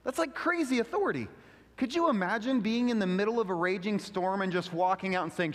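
A man pastor giving a casual, animated sermon full of slang. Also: sits high, a little fast, long reverb tail.

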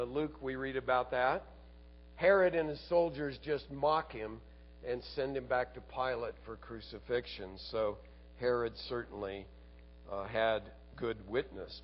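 A man preaching a sermon as a pastor, earnest, asking rhetorical tag questions and sinking to quiet emphasis. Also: fairly high pitch, highs cut off.

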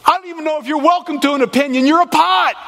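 A man's voice: extremely high pitch, sing-song, unhurried, big-room sound, slight background noise, voice pushed up, heavily acted. A man voicing God as an indignant creator scolding his creations, with an exasperated, emphatic delivery.

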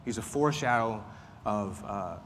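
A man's voice: lowish voice, animated, moderate pace, a bit bright. Man, Sunday school teacher, chatty Bible lesson, lingering reverb and faint hiss. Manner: conversational, repeats points, frequent fillers. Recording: faint noise, long room reverb.

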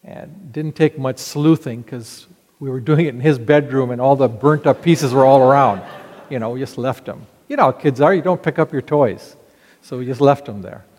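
A middle-aged man preaching a sermon, reading scripture slowly and telling a childhood story in an earnest way. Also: medium pitch, a little mellow, big-room sound. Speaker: pastor.

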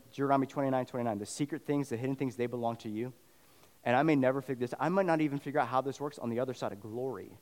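A pastor giving a sermon in a conversational style that swells into fervent emphasis. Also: male voice, on the high side. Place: church sanctuary. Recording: long reverb of a church hall.

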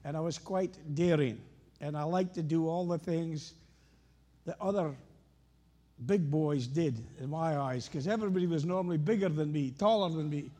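A man's voice: fairly high pitch, normal speed, warm tone. A Scottish man preaching a sermon, telling anecdotes and stories with rising emphasis.

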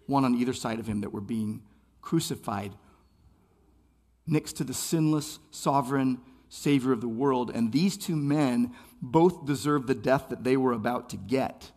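A man's voice: mid-range voice, darkish tone. A man preaching a sermon as pastor, impassioned, building phrases by repeating them.

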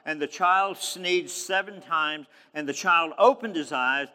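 A man's voice: a little high, measured pace, sharp tone, in a large hall. A man preaching a sermon, reading scripture and retelling it in a conversational, emphatic way. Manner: conversational, emphatic, acts out quoted speech.

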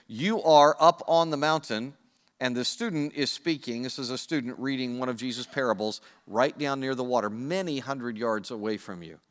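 A man's voice: mid-range voice, a bit bright, long reverb tail. A man preaching a sermon, conversational and playful, speaking straight to his congregation. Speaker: pastor.

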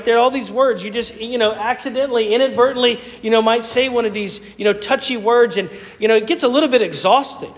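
Southern male pastor, high-pitched, casual halting sermon, dull recording in a reverberant hall. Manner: conversational, hesitant storytelling with many fillers and restarts.

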